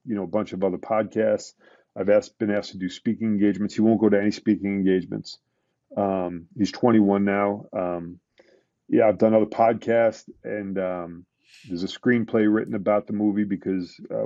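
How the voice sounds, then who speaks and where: A middle-aged man speaks low and mellow, working through a painful memory in a casual interview. He stumbles, restarts and leans on fillers as he goes. The podcast audio is dull and close, with no room sound. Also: no echo. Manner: emotional, halting retelling with many restarts and fillers. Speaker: podcast guest, retired police detective.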